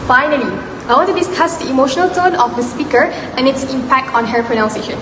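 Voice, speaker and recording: A young Malaysian woman, a university student, carefully reading a scripted class presentation. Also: high voice. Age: young adult. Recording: echoey room with long reverb, noise.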